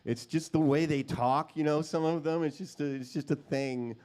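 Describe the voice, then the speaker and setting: A man's voice: a little high, fairly even intonation, moderate pace, a little mellow. A male guitarist and session musician telling casual, self-deprecating stories at a guitar clinic. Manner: casual, self-deprecating, many fillers and acted quotes. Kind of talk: anecdotal storytelling at a guitar clinic.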